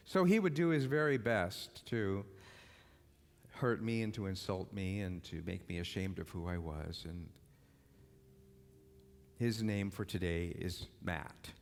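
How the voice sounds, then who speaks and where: A man's voice: low voice, unhurried, long pauses. A man preaching as a minister, moving from rousing repeated calls to act into a personal story. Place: church hall. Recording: long reverb of a large hall.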